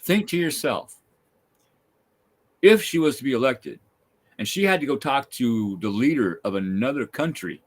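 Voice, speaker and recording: A male host in casual chat with a middle-pitched voice. He rants with strong opinions and keeps tripping over the starts of his sentences. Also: animated, normal speed, pauses often. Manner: opinionated, ranting, stumbling restarts. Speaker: podcast host.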